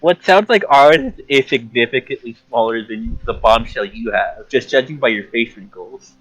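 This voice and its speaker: A man's voice: mid-range voice, normal speed, fairly bright tone, muffled recording. A man playing a tabletop game, joking and rambling with the group. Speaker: player. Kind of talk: casual tabletop game chat.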